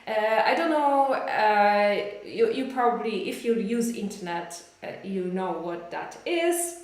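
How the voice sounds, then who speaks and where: A woman's voice: medium pitch, lively intonation, slow, very echoey. A woman with a Polish accent teaching a live online English lesson, chatting with viewers and reading out their comments. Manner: chatty, addresses viewers warmly, reads out comments.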